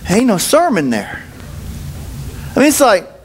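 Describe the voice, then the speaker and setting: A man's voice: high-pitched, sing-song, normal speed, pauses often. A man preaching a sermon at a church service in a humorous, conversational way, telling stories and acting out the dialogue in changing voices. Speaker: pastor.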